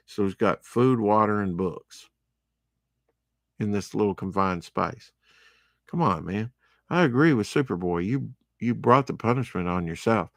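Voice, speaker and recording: A man's voice: fairly low pitch, measured pace, creaky, long pauses, a bit bright, dry recording, clean studio sound. A man giving casual, rambling commentary while unboxing comic books, with chatty, opinionated asides. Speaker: comic book vlogger.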